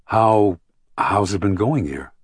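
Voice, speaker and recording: A man voicing an emotional, awkward man in an audiobook, speaking in a halting, hesitant way. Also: on the low side, lively intonation, breathy edge, no echo, studio quality, heavily acted. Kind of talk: audiobook character reading.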